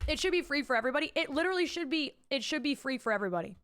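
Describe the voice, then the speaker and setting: Young woman, high voice, casual stream chat, swearing, reading chat. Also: big pitch swings, fast, fairly bright tone. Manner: chatty, swears freely, reads chat aloud. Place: home streaming setup. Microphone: desk mic with pop filter.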